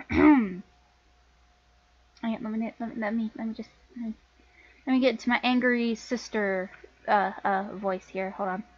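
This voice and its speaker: A woman's voice: a little high, fairly even intonation, moderate pace, pauses often, no echo, lo-fi sound. A woman reading a visual novel aloud, breaking in with chatty, self-mocking asides.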